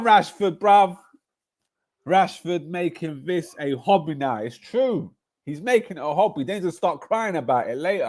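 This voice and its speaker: A man, hosting a casual football livestream, ranting in slang and swinging between loud outbursts and low mutters. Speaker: football streamer.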